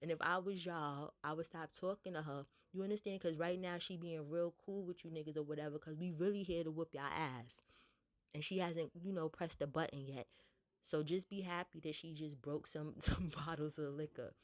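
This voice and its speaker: A young woman casually telling a storytime, blunt and profane, jumping up in pitch to act out what people said. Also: normal speed. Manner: animated retelling, blunt and profane, voices others higher.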